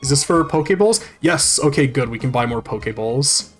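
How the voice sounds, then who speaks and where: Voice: mid-range voice, lively intonation, normal speed, slightly rough, faint music behind. A game streamer chatting casually while playing, rambling and swearing freely as they read and answer chat.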